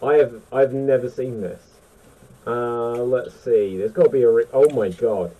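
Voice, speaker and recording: A man hosting a casual panel chat, excitable and chatty. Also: mid-range voice, a little slow, phone-quality sound. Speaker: host.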